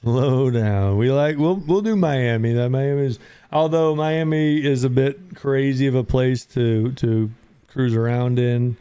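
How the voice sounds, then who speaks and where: A man hosting a live audio chat room, talking in a relaxed, rambling way, often saying "dude" and greeting listeners by name as they join. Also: mid-range voice, a little slow, smooth, no room sound. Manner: laid-back, rambling, says "dude" a lot. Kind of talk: casual chat.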